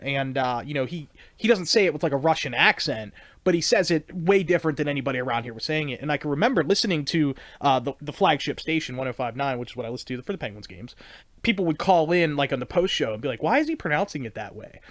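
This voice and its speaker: A man's voice: a little high, expressive, fast, dry recording. A man hosting a podcast interview, rambling casually with lots of fillers. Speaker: podcast host. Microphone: own recorder.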